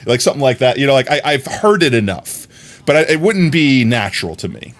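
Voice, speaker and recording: A man's voice: mid-range voice, very animated, brisk, a bit bright. Rambling man with a mild New York accent. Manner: rambling, repeats words, laughs often. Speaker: streamer. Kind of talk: casual chat while gaming.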